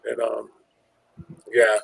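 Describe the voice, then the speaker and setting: A man's voice: fairly low pitch, completely flat delivery, drawn-out words, vocal fry, husky, no room sound, poor audio. A man, probably in his forties, casually telling a long personal story, rambling and swearing and acting out the other voices in it. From Illinois, USA. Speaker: podcast host.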